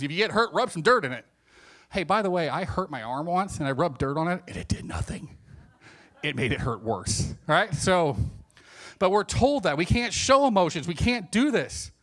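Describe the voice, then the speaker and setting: An animated man preaching a sermon with a fairly high voice. He drops to hushed tones and then builds to emphatic points. He acts out the voices of the people he quotes.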